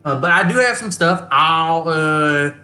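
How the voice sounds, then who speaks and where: A game master voicing a crude, gruff male starship mechanic who guards a classic ship and talks bluntly with folksy grammar. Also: medium pitch, measured pace, sharp tone, reverberant, a little hiss or hum. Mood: defensive. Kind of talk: tabletop role-play, game master voicing a character.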